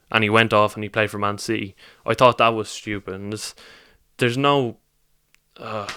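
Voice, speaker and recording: A man talks straight to camera in an emotional reaction vlog, upset and rambling with heartfelt repeats. His voice sits a little low and sounds smooth and resonant. The recording is close and dry. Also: bright, forceful tone, no echo. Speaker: football vlogger.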